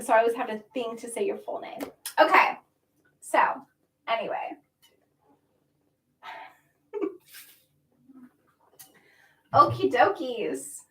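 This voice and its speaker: A woman hosting a casual livestream, chatting warmly with viewers and reading their comments, often laughing and sometimes emotional. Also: a little high. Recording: roomy echo, mic at a distance.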